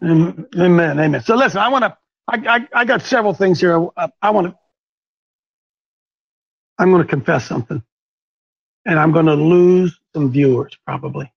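A man's voice: a little high, normal speed, creaky, pauses often, lo-fi sound. A man hosting and preaching to a small live group, fiery and emphatic, repeating key words for force. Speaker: show host and preacher.

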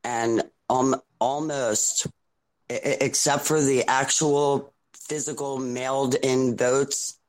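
A man calling in to a talk show who speaks haltingly with many fillers. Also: mid-range voice, steady tone, rough recording. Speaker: caller. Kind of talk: call-in chat.

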